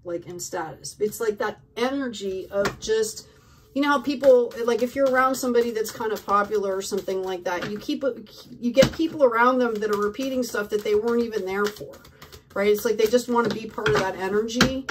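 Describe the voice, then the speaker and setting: A woman's voice: on the high side, a little fast, recorded from a distance, noisy background. Effusive woman reading tarot cards. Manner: effusive, full of "like", "right?" and "okay?". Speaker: tarot reader. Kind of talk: casual tarot reading to camera.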